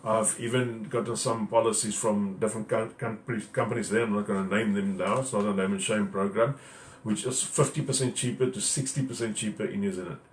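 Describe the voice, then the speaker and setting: A man's voice: lowish voice, steady tone, a little fast, a little hiss or hum. A man, a financial adviser giving plainspoken, direct advice and answering viewer questions in a live talk. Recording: roomy echo.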